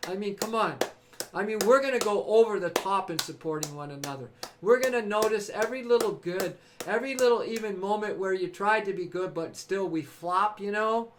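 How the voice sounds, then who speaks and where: A man's voice: high-pitched, fairly quick, noisy background. A man hosting a livestream, giving an enthusiastic motivational talk to his chat, preachy and exuberant, breaking into cheers and whoops. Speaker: livestream host.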